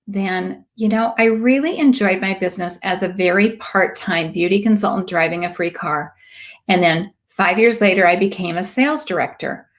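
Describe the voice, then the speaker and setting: Lively woman telling stories. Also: mid-range voice. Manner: lively, acts out quoted voices; emphatic, preachy asides. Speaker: cosmetics sales director. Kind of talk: motivational storytelling talk.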